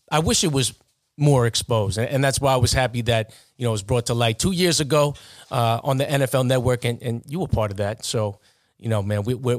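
A man's voice: mid-range voice, no echo, studio quality. A man with a New York accent hosting a podcast interview, talking casually and rambling, with lots of fillers. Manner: rambling, many fillers like "man" and "you know". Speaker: podcast host and referee.

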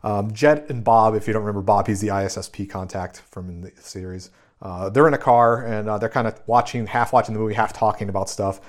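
A man's voice: on the low side, a little fast. A man hosting a podcast, casually recapping a film scene by scene with many fillers. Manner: relaxed, filler-heavy recap. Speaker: podcast host.

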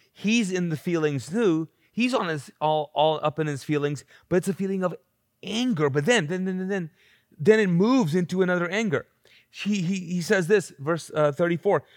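A man preaching a live church sermon in an animated, conversational way, acting out quotes and restarting often. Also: high voice, no room sound, clean studio sound. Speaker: pastor.

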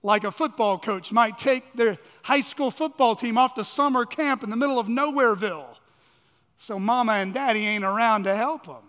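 Pastor, male, very high voice, dramatic sermon delivery that drops to near-whispers, long church reverb. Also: normal speed. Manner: dramatic preaching, swinging from loud emphasis to hushed lows.

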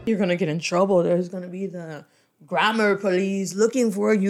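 A woman giving a casual, playful language lesson, explaining phrases with lively jumps in her voice for emphasis. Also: mid-range voice, normal speed, faint music behind. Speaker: Spanish teacher.

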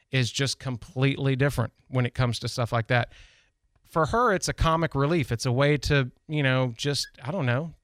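A man's voice: medium pitch, clean tone, no echo. A man from Tennessee with a Southern accent, telling stories as a radio host in a loose, rambling way with many restarts. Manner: rambling storyteller, frequent restarts and "you know". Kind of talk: casual monologue.

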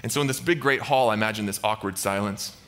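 A man's voice: on the low side, fast, fairly bright tone. A man preaching a casual sermon, retelling a Bible story playfully and slipping into goofy character voices.

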